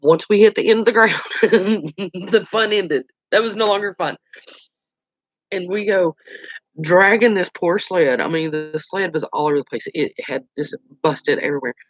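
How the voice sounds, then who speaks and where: Animated storyteller, lo-fi. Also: medium pitch, moderate pace, no room sound. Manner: animated, colloquial, exclaiming. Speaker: outdoors channel host. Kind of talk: casual storytelling. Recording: dull lo-fi dry recording.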